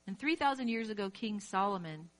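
A woman's voice: medium pitch, expressive, a little fast, fairly bright tone. Emphatic woman preaching to her listeners. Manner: emphatic, direct address to listener; acts out quoted inner voices. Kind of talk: sermon.

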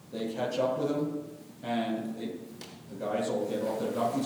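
A man teaching a scripture lesson, retelling the story in a lively, animated way with frequent restarts, recorded from a distant mic in a reverberant hall with a faint rumble. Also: measured pace. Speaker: religious teacher.

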